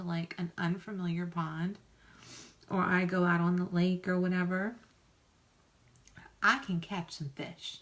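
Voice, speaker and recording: Chatty makeup vlogger lady rambling along, folksy and pokes fun at herself, average pitch. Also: fairly bright tone. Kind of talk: casual get-ready-with-me chat.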